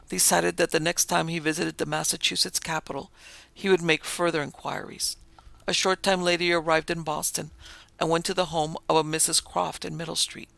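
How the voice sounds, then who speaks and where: A man hosting a podcast, telling a ghost story and reading its dialogue in a steady, measured way. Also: on the high side, gravelly, dry recording. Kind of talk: storytelling narration with quoted dialogue. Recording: faint music behind the voice.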